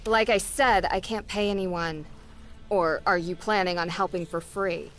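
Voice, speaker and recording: A weary, exasperated potion merchant. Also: female voice, lowish voice, fairly even intonation, a little slow, fairly bright tone, slight background noise. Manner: tired, exasperated. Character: weary adult female potion merchant, put-upon. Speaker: shopkeeper.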